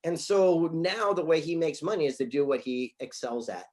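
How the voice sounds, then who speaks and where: A man's voice: fairly high pitch, expressive, normal speed, a little mellow. A middle-aged man speaking as a guest author, telling stories with energy and often repeating words as he starts a thought. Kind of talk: casual interview chat.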